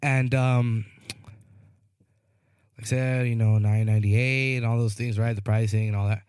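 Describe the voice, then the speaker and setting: A man's voice: medium pitch, steady tone, moderate pace, a little mellow, smooth, no room sound, clean studio sound. A man co-hosting a podcast, telling a long rambling story in casual chat, often asking "you know what I mean" and acting out the people in it. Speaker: podcast co-host.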